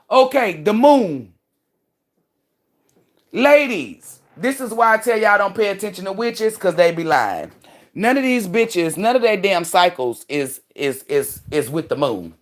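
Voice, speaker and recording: A woman hosting a livestream, ranting casually in a profane, emphatic and preachy way. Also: lowish voice. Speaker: livestream host and spiritual commentator.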